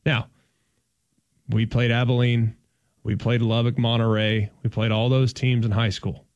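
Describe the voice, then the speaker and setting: A man's voice: mid-range voice, unhurried, no echo, lo-fi sound. A man from the Dallas-Fort Worth area, co-hosting a sports talk show in a playful, emphatic way. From Dallas-Fort Worth, Texas. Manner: animated, playful, emphatic storytelling. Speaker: sports radio co-host.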